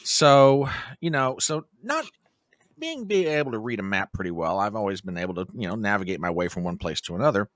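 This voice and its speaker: The recording is studio quality and echo-free: a brisk, fairly low-pitched middle-aged American man, appearing as a podcast guest, recounts a lengthy travel story in a casual way, acting out each quote with animation.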